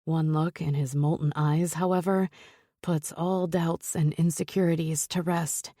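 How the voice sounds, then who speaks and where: A woman narrating a first-person romance audiobook in an intimate, breathy storytelling manner. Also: sits low, fairly even intonation, a little slow, mellow, dry recording, studio quality.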